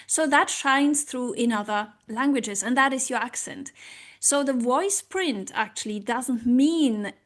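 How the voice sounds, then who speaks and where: Woman language coach, a touch high-pitched, non-native English accent, earnest and casual to camera. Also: fairly bright tone. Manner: earnest, pauses to search for words.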